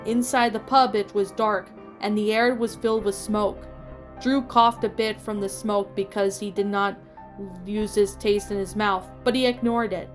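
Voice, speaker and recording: A woman reading a fan fiction story aloud in a steady storytelling voice with small slips. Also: medium pitch, normal speed. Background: faint music.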